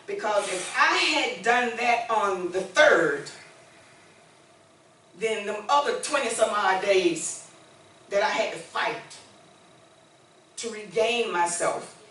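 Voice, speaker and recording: A woman's voice: medium pitch, expressive, slow pace, pauses often, fairly bright tone, a little hiss or hum. A woman in her sixties preaching a sermon with call-and-response, moving between conversational talk and emphatic declarations. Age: 60s. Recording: echoey church room, mic far off.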